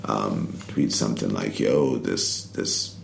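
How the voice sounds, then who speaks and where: A middle-aged man, a poet and rapper, telling stories in a relaxed interview, rambling with many "you know"s and "like"s. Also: a bass voice, slow pace, vocal fry, a little hiss or hum. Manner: laid-back, rambling, lots of "you know" and "like". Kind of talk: casual interview storytelling. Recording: roomy recording with faint ambience.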